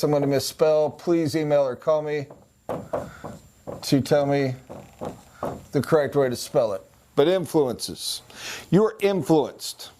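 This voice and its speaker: A man teaching a sales training class in a conversational way, sometimes putting on voices and accents to make a point, and pausing to write on a board. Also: a little high, dark tone, a little hiss or hum. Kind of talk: recorded training lecture.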